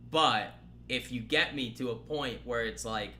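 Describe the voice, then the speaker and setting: A young man hosts a live stream from his apartment in a loose, rambling way, joking between asides to his chat. His voice is bright and forward, and a faint hum sits under the recording. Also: medium pitch, a little slow. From Boston area. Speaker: trading stream host. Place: apartment room.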